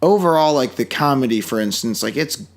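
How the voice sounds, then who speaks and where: A man's voice: mid-range voice, animated, a little fast. A man co-hosting a podcast in casual chat, rambling through his points and joking with mock outrage. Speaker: podcast co-host.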